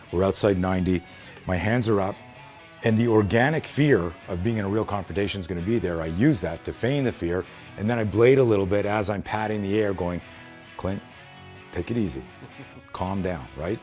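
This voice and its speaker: A man's voice: lowish voice, darkish tone. Blunt, profane self-defense instructor, man. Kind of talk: hands-on demonstration lesson.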